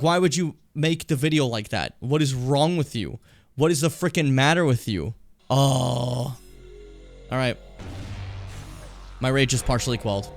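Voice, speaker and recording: A man's voice: mid-range voice, vocal fry. A man streaming a video game, talking casually and swearing, flaring into mock rage and back. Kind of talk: casual gameplay commentary.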